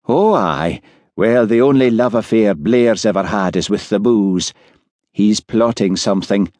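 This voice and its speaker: A man voicing an easygoing, shrewd Highland village policeman who talks calmly and wryly. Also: unhurried, no echo, studio quality, natural voice.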